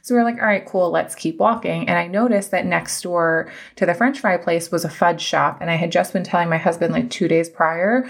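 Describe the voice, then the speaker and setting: A woman in her thirties hosts her own podcast as a coach, telling a story in a casual, emphatic manner. Her voice sits somewhat low with a gravelly fry. She sounds chatty and heartfelt. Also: steady tone, a little fast, hardly any pauses.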